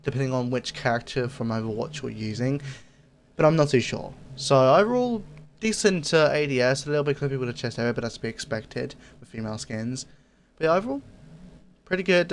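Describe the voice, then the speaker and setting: A man's voice: medium pitch, animated, vocal fry, a little hiss or hum. Laid-back man rambling through a review. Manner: easygoing and rambling, often pausing with fillers. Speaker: gaming video creator. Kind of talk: casual game item review commentary.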